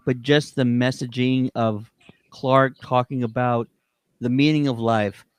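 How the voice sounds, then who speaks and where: A man's voice: mid-range voice, fairly even intonation, a little slow, clear, resonant tone, dry recording. A man hosting a livestream interview, enthusiastic as he reads viewer questions on a video call. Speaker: streaming show co-host.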